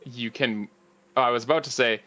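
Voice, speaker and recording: A man narrating as game master in a tabletop game, halting with frequent fillers. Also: medium pitch, fairly even intonation, pushed and bright.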